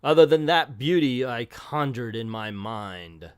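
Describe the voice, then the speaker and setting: A man's voice: medium pitch, animated, unhurried, clean tone, no room sound, clean studio sound, natural voice. A man voicing a brooding, self-pitying male telepath villain from a comic, reading his lines theatrically in a put-on accent. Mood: brooding, melodramatic.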